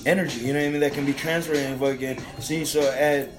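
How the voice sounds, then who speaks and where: A man's voice: on the high side, quick pace, music in the background, poor audio. A man chatting casually on a podcast, rambling and swearing constantly. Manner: profane, rambling, animated. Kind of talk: casual chat.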